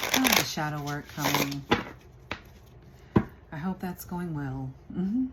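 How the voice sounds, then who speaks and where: A woman's voice: low-pitched, expressive, slow, very noisy. A woman giving a casual tarot reading, chatty and laughing often as she talks to her viewers. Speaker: tarot reader.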